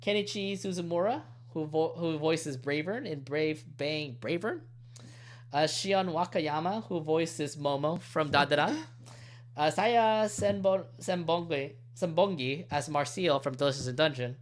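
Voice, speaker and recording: A man hosting a podcast in casual chat, animated and laughing often, stumbling over titles. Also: a little high, unhurried. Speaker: podcast host.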